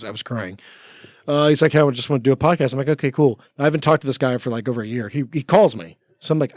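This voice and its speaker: Rambling man in his forties, guest on a podcast, slightly high voice, dry close sound, acts out the dialogue in his stories. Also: no room sound. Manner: rambling, full of 'like', acts out quoted talk. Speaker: podcast guest, former Navy SEAL. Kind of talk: casual storytelling chat. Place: podcast studio.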